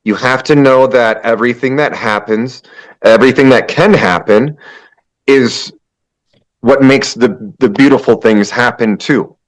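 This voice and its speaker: A man's voice: medium pitch, unhurried. Emphatic shaman man. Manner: emphatic, preachy, with many restarts. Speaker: shaman guest. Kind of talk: spiritual interview talk.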